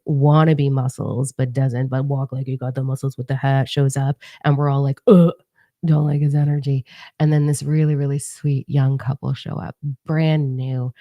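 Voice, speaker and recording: A middle-aged woman telling a story in a blunt, profane, animated manner to her viewers. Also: rumbling low, creaky, no echo, clean studio sound. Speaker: spiritual video creator. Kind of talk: casual storytelling monologue.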